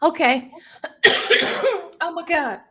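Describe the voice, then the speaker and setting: A woman hosting a casual livestream chat, her voice very high and bright. She speaks very slowly and drawn out, breaking into exclamations. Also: big pitch swings. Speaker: livestream host.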